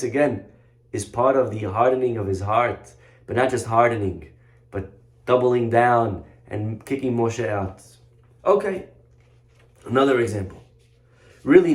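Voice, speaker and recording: A rabbi giving a lively sermon, telling a story with mocking humor and dramatic emphasis. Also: male voice, medium pitch. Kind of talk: animated sermon.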